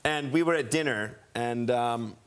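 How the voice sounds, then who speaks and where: A man in his thirties, a guest on a television talk show, telling an excited, rambling story with many restarts. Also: mid-range voice, measured pace, clean tone. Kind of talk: casual anecdote. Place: television studio.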